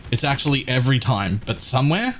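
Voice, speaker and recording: Aussie guy rambling to his stream chat, sarcastic, swears a bit, mid pitched voice. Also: very animated, brisk, a bit bright, a little hiss or hum. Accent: Australian. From Australia. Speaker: live streamer. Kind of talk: casual chat with viewers.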